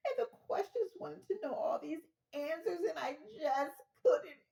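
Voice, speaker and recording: A woman's voice: high voice, expressive, unhurried, creaky, mellow, voice pushed up, exaggerated voice, poor audio. A woman voicing a panicking female caller who stammers and wails between sobs and nervous giggles. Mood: hysterical. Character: hysterical panicking woman caller, sobbing and laughing.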